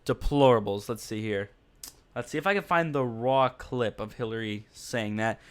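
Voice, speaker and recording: Smooth-voiced man hosting a casual stream. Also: medium pitch, normal speed. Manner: blunt and mocking, with frequent fillers. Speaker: podcast and livestream host. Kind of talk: casual rambling commentary.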